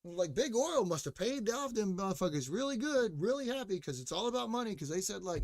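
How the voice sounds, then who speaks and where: Profane ranting man, high-pitched, dry. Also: big pitch swings, a little fast, hardly any pauses, a bit bright, no room sound. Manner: profane, mocking rant with frequent fillers; responds to chat or co-host mid-rant. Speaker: podcast host. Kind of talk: casual ranting monologue.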